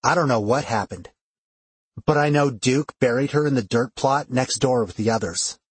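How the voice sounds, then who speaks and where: A man's voice: medium pitch, moderate pace, slightly rough, no room sound, lightly acted. A man voicing an unhinged woman with several personalities who speaks in a cruel, taunting way.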